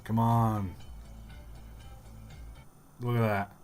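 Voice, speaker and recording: A man's voice: on the low side, level tone, drawn-out words, a little mellow, faint music behind. A man live-streaming and giving rambling, wry commentary with the odd chuckle.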